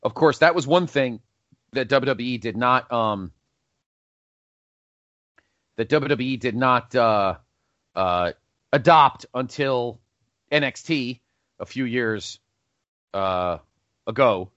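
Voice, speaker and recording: A man's voice: medium pitch, slow pace, pauses often, dry recording, muffled recording. A man hosting a casual podcast countdown, rambling and correcting himself as he goes. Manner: rambling, self-correcting, animated. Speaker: podcast host.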